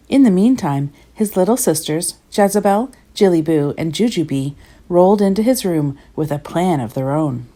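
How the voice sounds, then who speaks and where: A woman reading a children's storybook aloud with lively, expressive narration. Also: fairly low pitch, moderate pace. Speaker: storybook reader.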